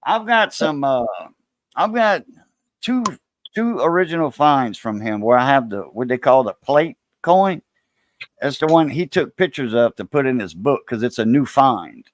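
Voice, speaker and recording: A man's voice: mid-range voice, unhurried, slight background noise. A man with a Cajun Louisiana accent, hosting a casual coin-collecting live stream and animatedly telling stories, acting out other people's voices. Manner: animated storyteller, acts out quoted voices. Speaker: coin-collecting channel host.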